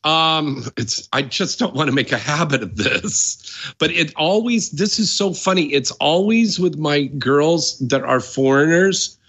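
A man's voice: fairly high pitch, animated, measured pace, a bit bright, slightly rough. A man hosting a casual talk show, brash and swearing freely as he chats with his guest. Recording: dull lo-fi audio.

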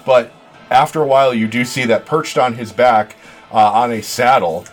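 A man in an easygoing, mid-pitched voice runs the table as game master. He narrates in loose, chuckling bursts, pausing on fillers as he thinks. Faint music plays underneath. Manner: relaxed, chuckling, frequent ums.

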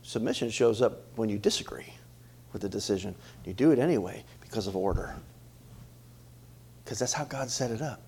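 A middle-aged male pastor preaching a sermon in an animated way, often repeating words and asking the congregation questions. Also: on the low side, moderate pace, long pauses, a little hiss or hum.

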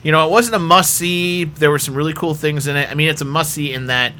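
A man's voice: fairly high pitch, quick pace, bright, forceful tone, a little hiss or hum. A man hosting a casual fan discussion, leading the panel with questions. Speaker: podcast host.

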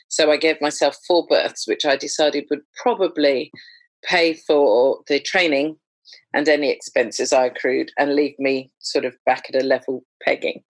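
A woman's voice: low voice, moderate pace, no room sound. Chatty woman telling stories. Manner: lively, chatty, self-deprecating humor. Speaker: doula, podcast guest. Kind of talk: conversational storytelling.

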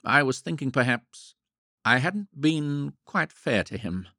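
A man's voice: mid-range voice, very animated, slow pace, pushed and bright, dry recording, studio quality, pitched above the performer's own voice, exaggerated voice. A man playing an earnest, wry young painter. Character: earnest young male painter, wryly self-mocking.

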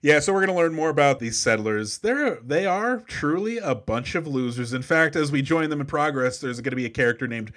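A man co-hosting a movie podcast, chatting in an emphatic, animated way. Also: a little high, fairly quick, few pauses. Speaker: podcast co-host. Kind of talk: casual movie podcast chat.

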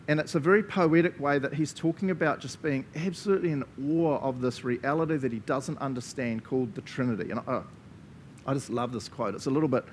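Nz guy preaching, relaxed and jokey, keeps laughing, ordinary middle voice. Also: mid-range voice, slight background noise. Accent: New Zealand. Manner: casual, joking, laughs often. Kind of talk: sermon.

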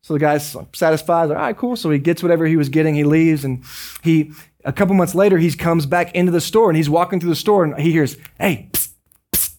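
A man preaching a sermon as a pastor, conversational and joking with quick asides. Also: on the high side, a little mellow.

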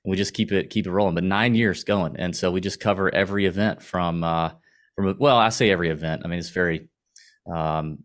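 Animated Southern American man, low voice. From Augusta, Georgia, US. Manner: animated, laughing, quick storytelling. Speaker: podcast guest. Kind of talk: casual podcast chat.

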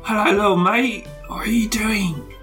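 A man's voice: sits high, steady tone, a little slow, pushed and bright, faint music behind, voice pushed up. A man voicing a big, clumsy, overfriendly drunk who coos at everyone as if they were small children, in a tabletop role-play. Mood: cooing.

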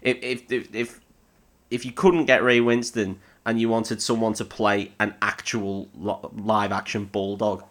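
A young man banters through a casual podcast chat. His voice sits on the low side, and he swears freely and laughs often as he riffs with his co-host. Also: little pitch movement, unhurried, a bit bright. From Northern England.

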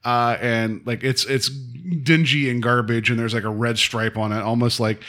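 A man's voice: mid-range voice, little pitch movement, fairly bright tone. A man co-hosting a podcast, chatting casually about a TV episode, rambling with lots of fillers and laughing often. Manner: rambling, filler-heavy, quick to laugh, slips into mock voices. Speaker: podcast co-host. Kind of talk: casual chat reviewing a TV episode.

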